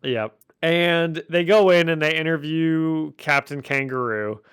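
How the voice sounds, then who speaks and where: Jokey man with a clear voice. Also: a little high, measured pace, a bit bright, no room sound, studio quality. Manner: jokey, laughs often while recapping. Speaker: podcast host. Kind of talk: casual chat.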